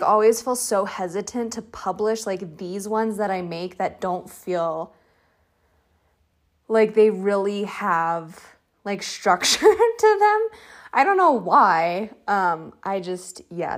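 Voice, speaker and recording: A young woman hosting a loose solo podcast from her bedroom at night, chatty and rambling with lots of fillers, relaxed and drowsy as she lies down. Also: mid-range voice, unhurried. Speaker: podcast host. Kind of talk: unstructured solo podcast chat.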